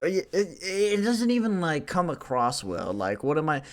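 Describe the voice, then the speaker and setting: A man co-hosting a podcast in casual chat, animated and laughing often, often trailing off mid-sentence. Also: fairly high pitch, moderate pace. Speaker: podcast co-host.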